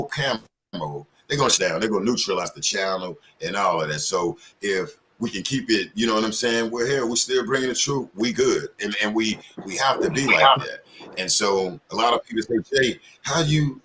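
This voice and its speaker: A man's voice: on the low side, a bit bright, a little hiss or hum. A man in casual panel talk, telling loose, profane stories full of slang. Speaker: community panelist.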